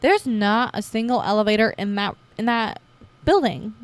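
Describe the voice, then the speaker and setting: A woman's voice: on the high side, normal speed, no room sound. Chatty young woman telling her story. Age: 20s. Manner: chatty, animated when acting out her past self. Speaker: podcast host. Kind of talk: casual personal podcast monologue.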